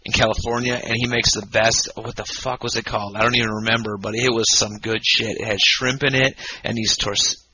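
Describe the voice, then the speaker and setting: A drunk man co-hosting a podcast, rambling loudly and swearing constantly in casual banter. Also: fairly low pitch, a little fast, muffled recording, crowd noise. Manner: profane, rambling, loud and excitable. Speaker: podcast co-host. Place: home podcast setup, Michigan.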